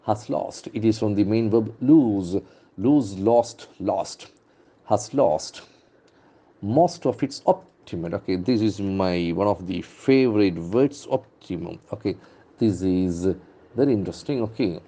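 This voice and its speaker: A middle-aged man leads an English lesson, going through newspaper words and repeating each one to show where the stress falls. His voice sits low and sounds dark and mellow. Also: lively intonation, a little slow. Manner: drills pronunciation by repeating words with stressed syllables. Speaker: English trainer.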